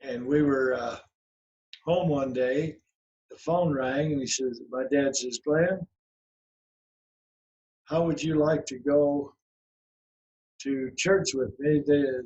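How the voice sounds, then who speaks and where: A man's voice: mid-range voice, steady tone, measured pace, darkish tone, low-quality recording. A man in his eighties telling a long personal story as a podcast guest, folksy and rambling, with many restarts and fillers. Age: 80s. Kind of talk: storytelling in an interview.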